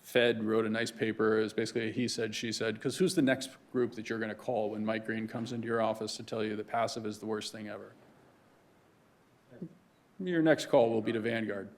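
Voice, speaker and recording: A man's voice: fairly low pitch, fairly even intonation, fairly quick. A man giving a conversational lecture to a room of students as a guest speaker, often checking in with "right?". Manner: conversational, keeps asking "right?".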